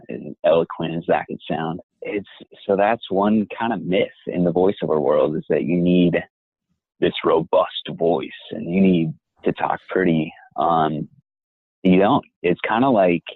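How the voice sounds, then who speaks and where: A man's voice: low-pitched, slightly rough, dry recording. Reflective young man on a tinny line. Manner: reflective, measured and encouraging. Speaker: voice actor guest. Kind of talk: interview conversation.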